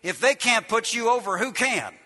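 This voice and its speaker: Male preacher, high and piercing, emphatic and repetitive, long hall reverb. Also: moderate pace. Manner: emphatic, repetitive, shouts key lines, drops low to tell stories. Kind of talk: sermon.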